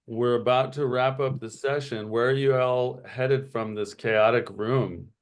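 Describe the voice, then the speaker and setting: A man narrating a tabletop role-playing game as game master, pausing often with fillers. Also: mid-range voice, fairly even intonation, smooth. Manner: halting, many fillers.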